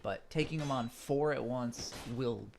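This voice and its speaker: A man's voice: medium pitch, unhurried, creaky. Stuffy guy rambling thru his playthrough, lots of um and you know, faint hiss behind. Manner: rambling, full of fillers and asides. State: a little stuffed up. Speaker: gaming channel host. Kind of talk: casual game commentary.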